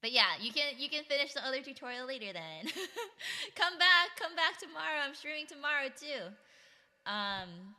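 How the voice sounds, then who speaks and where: Woman streamer, very bright voice, giggly chat, long reverb. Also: sits high, very animated, moderate pace. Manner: chatty, giggly, reads chat aloud. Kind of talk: casual live-stream chat.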